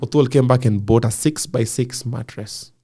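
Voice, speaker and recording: A man with a Kenyan accent chats as a comedian guest in a casual interview. He tells stories in a lively way and breaks into laughter often. His voice sits at an average pitch. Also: moderate pace.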